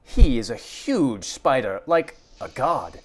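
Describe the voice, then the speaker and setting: A man voicing a shrill, high-pitched old spider who teaches young spiders and tries to sound solemn but rambles. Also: sing-song, slow pace. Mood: mock-solemn. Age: older. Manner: solemn then babbling.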